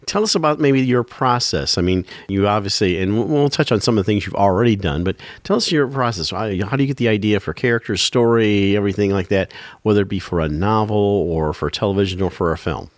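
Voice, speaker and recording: A man hosting a radio arts show, asking a guest about his creative process in a measured way. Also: fairly low pitch, dry recording. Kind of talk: interview questions.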